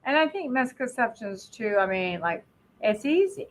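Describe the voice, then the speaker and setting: A woman hosting a podcast interview, lively and quick to laugh in casual chat. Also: a little high, slight background noise, poor audio. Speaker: podcast host.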